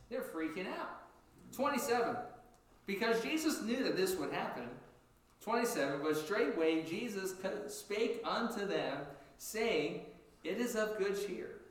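Guy preaching a sermon, kinda high voice, super echoey church, sounds far off from the mic. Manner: animated, acts out quotes with sudden high pitch jumps. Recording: echoey room, distant from mic.

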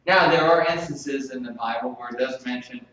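A man preaches a sermon at an ordinary pitch, dropping soft and slow, then jumping into loud bursts. He is heard from a distance in a very reverberant church. The sound is dull, with faint room noise behind. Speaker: pastor.

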